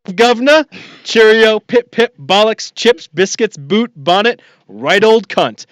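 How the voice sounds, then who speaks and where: An American podcast host putting on an exaggerated mock British accent as a posh gent, shrill and loud, rattling off slang in a hammy way. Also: male voice, lively intonation, a little slow, no echo. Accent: put-on British. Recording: dull lo-fi podcast audio.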